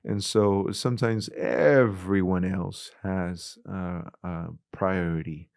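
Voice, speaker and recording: A middle-aged man with a Spanish-influenced accent, a youth ministries director telling animated stories in an interview and acting out the dialogue. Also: deep voice, slow pace, clear, resonant tone, dry recording, studio quality. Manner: animated storyteller, acts out quoted dialogue. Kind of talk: conversational interview.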